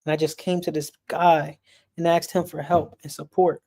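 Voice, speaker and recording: A man speaking earnestly in a casual, personal way, his voice sitting a little higher than most men's. His delivery stays level and unvaried, and he often repeats a word or two as he searches for what to say next. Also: little pitch movement, normal speed, mellow. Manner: earnest, repeats words while searching for them. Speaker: speaker on a sports and mental health stream.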